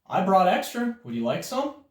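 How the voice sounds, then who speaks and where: A man voicing a cheerful little girl who proudly defends her odd sandwiches, in a high, insistent storybook voice. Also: huge pitch swings, normal speed. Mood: chirpy, proud. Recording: roomy sound from a distance.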